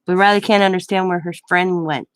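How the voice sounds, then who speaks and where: A woman's voice: on the low side, fairly even intonation, fairly quick, clear, resonant tone, no echo. An older woman, a grandmother, chatting at home and rambling through a story with lots of self-corrections. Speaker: craft vlogger. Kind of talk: casual storytelling.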